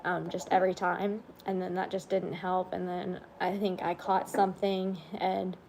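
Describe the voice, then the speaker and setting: A woman's voice: fairly low pitch, completely flat delivery, normal speed, vocal fry, slight background noise. A woman chatting on a casual livestream, tired and under the weather, rambling and yawning. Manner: rambling, yawning, soft-spoken asides. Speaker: vlogger on a livestream.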